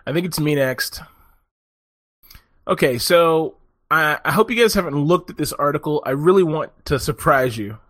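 A man with a slightly high voice spins a long story in loose, profane chat, laughing often and acting out the people in it. The sound is dry and close, with no room around it. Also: animated, normal speed, a bit bright, no room sound. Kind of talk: casual chat.

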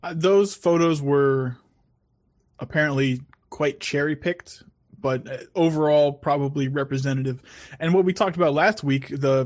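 Casual male co-host; mid pitch, measured, dry delivery. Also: darkish tone. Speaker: podcast co-host. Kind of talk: casual chat.

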